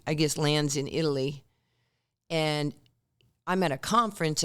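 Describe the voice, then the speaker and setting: Her low-pitched voice is clear and resonant as this woman, a former basketball player in her sixties, tells stories during a podcast interview. She's a lively storyteller who acts out what people said.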